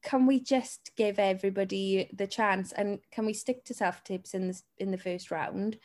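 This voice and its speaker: A woman's voice: medium pitch, steady tone, moderate pace, darkish tone. A woman talent agent co-hosting a casual podcast, chatty and often laughing as she tells stories.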